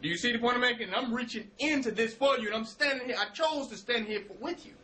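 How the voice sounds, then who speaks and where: A man speaks with a high, bright, cutting voice, delivering a motivational spiritual talk in loose street slang. He quotes his own words, repeats phrases for weight and drops from forceful lines into hushed ones. A faint hiss runs under the recording. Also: fast, rough recording. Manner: preacherly, quotes himself, repeats phrases, swings from loud to hushed; casual street slang, curses.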